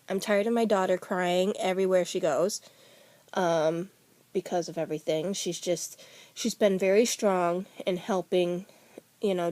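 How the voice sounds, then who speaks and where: A woman's voice: on the low side, warm tone, no room sound. A middle-aged woman vlogger telling a family story in a rambling, casual way, with many fillers and restarts.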